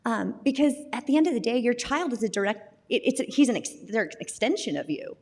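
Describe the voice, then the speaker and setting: A woman's voice: a little high, expressive, fast talker, darkish tone. A woman guest candidly sharing her personal recovery story, often laughing at herself and restarting her words. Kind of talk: personal testimony in a recovery talk. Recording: long reverb in a hall.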